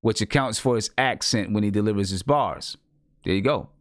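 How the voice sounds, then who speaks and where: A man's voice: on the low side, normal speed, dry recording, studio quality. A man from upstate New York hosting a casual music review show, reading artist bios with small stumbles. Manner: reads bios aloud, hesitant restarts. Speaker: podcast host.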